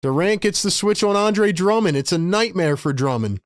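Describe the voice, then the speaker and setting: A man with a high-pitched, lively voice calls basketball play-by-play on his live stream at a moderate pace, audibly frustrated with his team. He keeps talking to his chat in exasperation, and the studio sound is clean with no room echo.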